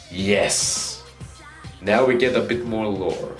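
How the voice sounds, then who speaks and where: A man giving an excited, casual review of a manga chapter, swearing freely and acting out the characters' lines. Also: medium pitch, a little slow, reverberant, faint music behind.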